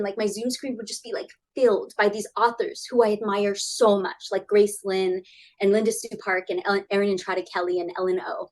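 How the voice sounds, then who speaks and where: A woman in her thirties, a guest author chatting in an interview over a video call, animated and acting out quoted voices. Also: poor audio. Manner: animated, acts out quoted voices with big pitch jumps. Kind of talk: casual interview chat.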